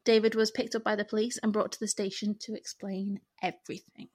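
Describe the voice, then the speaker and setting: A woman from northern England with a northern English accent, co-hosting a casual true crime podcast and recapping cases in a relaxed way. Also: mid-range voice, brisk, breathy edge. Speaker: podcast co-host.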